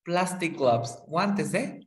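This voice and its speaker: A man teaching a one-on-one lesson, patiently saying each word slowly and repeating it. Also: a little high, lively intonation. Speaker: English tutor.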